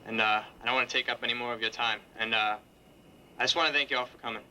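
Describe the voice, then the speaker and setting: A young man organizing a campus event, giving quick, informal announcements with fillers. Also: medium pitch, fairly even intonation, bright, forceful tone, a little hiss or hum, low-quality recording.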